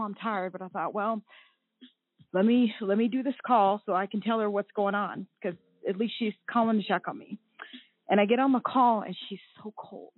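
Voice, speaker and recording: A woman in her forties from the United States, a guest telling her own story on a talk show, emotional and halting with many fillers and restarts. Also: mid-range voice, no echo. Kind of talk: personal account on a talk show. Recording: tinny phone line.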